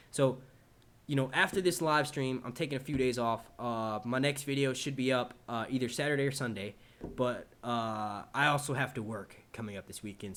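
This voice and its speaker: A man's voice: mid-range voice, a bit bright. A young man hosting a casual live stream, swearing and laughing a lot as he reads out viewer comments. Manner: loose, profane and jokey, laughing often. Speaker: YouTube show host. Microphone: desk microphone.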